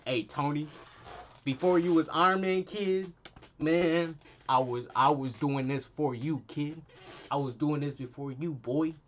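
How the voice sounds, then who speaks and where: A man's voice: on the high side, measured pace, lightly acted. A young man voicing a laid-back, respectful male superhero teammate in slangy casual speech, with a dull lo-fi sound. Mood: boastful.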